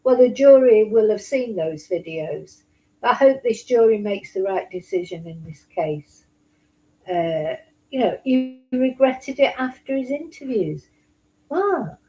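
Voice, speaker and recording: A woman's voice: fairly high pitch, expressive, a little slow, warm tone, poor audio. A woman giving blunt, indignant casual commentary on a trial report, swearing now and then. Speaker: true crime commentator.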